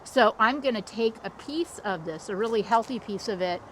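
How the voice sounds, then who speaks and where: A woman's voice: a little high, lively intonation, moderate pace, a bit bright, slight background noise. A middle-aged woman hosting a casual backyard walkthrough, chatty and upbeat, recorded outdoors. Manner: chatty and upbeat, with small restarts. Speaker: landscape designer and channel host.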